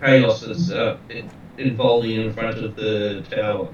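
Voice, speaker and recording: A man playing a tabletop game who speaks haltingly and fills his pauses. The sound is dull and lo-fi, heavily echoey, and picked up from a distance. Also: fairly low pitch, fairly even intonation, slight background noise. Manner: halting, many fillers. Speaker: player. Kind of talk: casual tabletop play.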